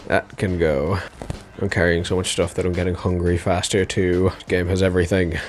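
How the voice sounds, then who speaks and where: Deep-voiced male gamer talking through his play, wry and profane. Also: flat delivery, moderate pace. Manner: wry, swears and laughs often. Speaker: game commentator. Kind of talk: casual gameplay commentary.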